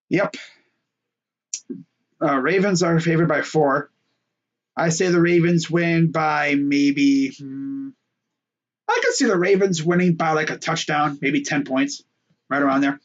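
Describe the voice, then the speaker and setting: Young male sports host, slightly high, loose and jokey, muffled home-mic sound. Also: takes it slowly, long pauses. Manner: joking, rambling, fillers and trash talk. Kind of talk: casual solo sports talk.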